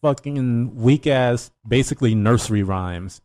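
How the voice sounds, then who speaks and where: A man's voice: mid-range voice, unhurried, a little mellow. Easygoing man chiming in. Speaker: podcast co-host. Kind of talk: casual chat.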